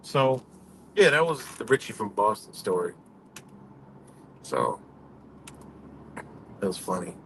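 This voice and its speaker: On a highway, a driver live streams a rambling, swear-filled story, breaking into laughter often. His voice is on the low side and a bit bright, swinging widely in pitch, and he takes it slowly with long pauses. Faint road and car noise is present.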